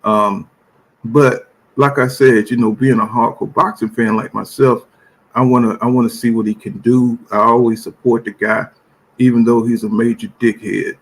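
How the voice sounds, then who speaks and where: Gravelly laid-back man rambling. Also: medium pitch, flat delivery, moderate pace. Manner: laid-back, rambling, heavy "you know what I'm saying" filler. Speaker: boxing channel host. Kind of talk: casual live-stream commentary.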